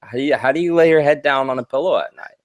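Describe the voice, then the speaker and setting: A man's voice: on the high side, racing, no echo. Heated, cursing man on a dry mic. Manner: heated, profane ranting with stammered restarts. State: worked up, close to tears. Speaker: podcast co-host. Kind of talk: casual podcast chat.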